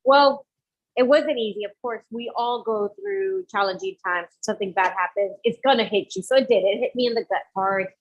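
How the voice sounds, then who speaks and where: On an interview podcast with dull, lo-fi sound, an entrepreneur guest tells her story at a moderate pace. Her voice is mid-range, and she animatedly voices the dialogue of the people she describes.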